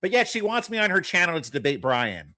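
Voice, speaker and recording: Sarcastic male streamer, bright voice. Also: sits high, sing-song, a little fast, dry recording. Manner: sarcastic, mocking. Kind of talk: casual chat.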